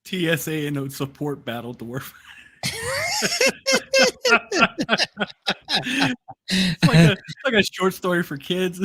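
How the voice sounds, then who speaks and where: A man's voice: a little high, moderate pace, a bit bright, slight background noise. A man on a podcast in casual banter, joking and giggling often.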